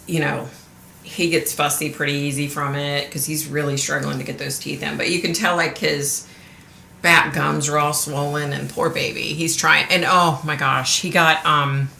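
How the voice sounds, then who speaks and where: A woman's voice: low voice, gravelly, sharp tone, echoey room, a little hiss or hum. A middle-aged woman chatting casually on her livestream, telling stories with lots of laughs and acted-out quotes. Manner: chatty storyteller, laughs often, acts out quotes. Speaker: vlogger.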